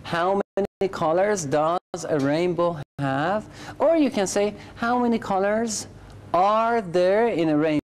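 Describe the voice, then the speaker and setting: Patient woman English teacher, low mellow voice. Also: measured pace, slight background noise. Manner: patient, corrects and repeats learners' sentences. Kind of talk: classroom teaching.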